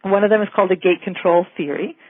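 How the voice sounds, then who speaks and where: A woman physician giving a calm, explanatory medical lecture in a gently reassuring way. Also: medium pitch, fast, dry recording. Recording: thin phone-like lecture audio.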